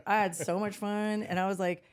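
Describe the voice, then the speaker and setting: A woman's voice: medium pitch, brisk, smooth. A middle-aged woman co-hosting a casual podcast chat, telling stories with lots of laughter and acted-out quotes. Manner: animated storyteller, laughs often, quotes others in lively voices. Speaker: podcast co-host.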